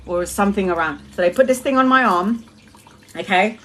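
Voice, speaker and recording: A woman, a mother hosting a live tarot stream, tells a personal story in a casual, animated way, swearing often and laughing between lines. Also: medium pitch, a little fast. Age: adult mother. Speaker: tarot reader and livestream host.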